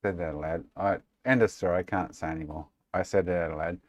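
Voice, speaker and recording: A man's voice: low voice, steady tone, quick pace, dry recording, clean studio sound. An Australian man chatting casually and sarcastically with viewers on a live stream, swearing freely. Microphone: desk microphone.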